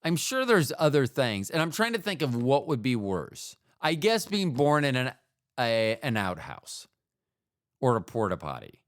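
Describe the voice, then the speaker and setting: A man's voice: medium pitch, huge pitch swings, measured pace, dry recording, clean studio sound. A man hosting a podcast alone, talking casually in a rambling, digressive way and swearing freely. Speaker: podcast host. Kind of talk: casual solo monologue.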